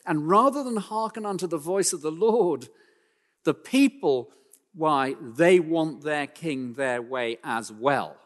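A man preaching a sermon in an emphatic style, climbing in pitch and force for key points, then dropping low and quiet, with dry self-deprecating asides. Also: expressive, slow pace, in a large hall.

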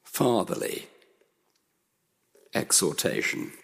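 A man's voice: takes it slowly, fairly bright tone, in a large hall. A man preaching a sermon in an earnest, emphatic way, building his points through repetition.

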